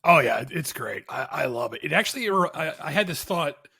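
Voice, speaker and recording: Man, podcast critic, bright husky voice, eager, dry sound. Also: on the high side, expressive, normal speed, no echo. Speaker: film critic on a podcast panel. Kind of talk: casual podcast chat.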